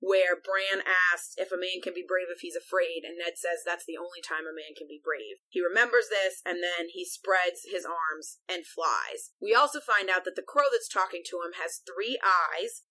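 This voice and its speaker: Woman podcast host going thru a chapter, says like a lot, crisp bright tone. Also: fairly low pitch, normal speed, few pauses, poor audio. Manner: retells the chapter at length with frequent "like". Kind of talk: casual book discussion.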